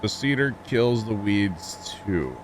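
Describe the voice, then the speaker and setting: Chatty low-voiced streamer. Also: male voice, lively intonation, takes it slowly, noisy background. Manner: chatty, reads chat aloud, explains farming gear. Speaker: livestream host. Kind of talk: casual gameplay commentary.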